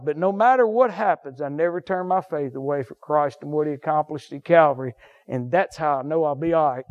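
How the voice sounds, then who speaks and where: A man preaching from the pulpit in a drawl, his voice sitting high and climbing into fervent shouts before falling soft and low. The recording is dull and muffled, like a church service captured on modest gear. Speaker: pastor. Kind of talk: sermon.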